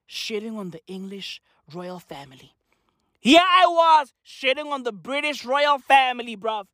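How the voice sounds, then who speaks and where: A South African vlogger delivers a fast, profane comic rant, cursing constantly and calling out "bruh" and "fam." Her high voice swings widely up and down, full of animation. The audio is dry, with no room echo.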